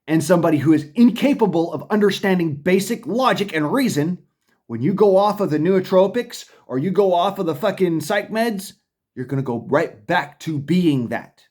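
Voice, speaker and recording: A man's voice: high-pitched, animated, measured pace, darkish tone. A man delivering a profane, combative ranting monologue to camera, often stumbling and restarting his sentences. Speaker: vlogger.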